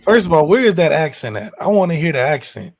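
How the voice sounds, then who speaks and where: A man with a fairly high, creaky, husky voice hosts a casual sports podcast, talking at a quick pace. He argues his points emphatically and with lots of energy, throwing in slang.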